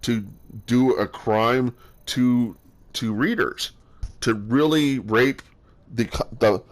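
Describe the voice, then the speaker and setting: A man talking in a rambling casual monologue, halting often with fillers and restarts as he works through his thoughts. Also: mid-range voice. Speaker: solo talker sharing his views.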